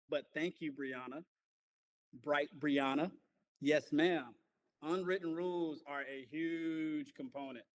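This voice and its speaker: A man of forty, teaching a class in a playful, animated way, praising and joking with his students. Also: a little high. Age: 40s.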